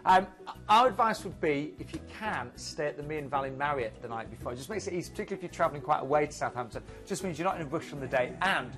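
A man co-presenting a live TV cruise show, pushing the deals in brisk, upbeat sales talk. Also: a little high, animated, fairly bright tone, soft background music.

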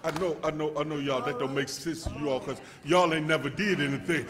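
High, bright preaching man in reverb. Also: quick pace, few pauses, a crowd in the background. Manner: repeats words in stammering restarts; calls out to the congregation, builds to shouts. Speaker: pastor. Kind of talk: sermon. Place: church sanctuary. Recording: long reverb of a church hall.

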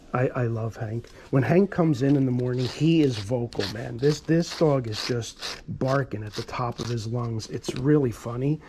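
A man's voice: medium pitch, normal speed, hardly any pauses, low-quality recording. A man working as a dog groomer, chatting casually to viewers through a grooming tutorial, recorded on a camera mic in a grooming salon. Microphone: GoPro camera mic. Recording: loud electric clipper hum behind. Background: electric clippers buzzing.

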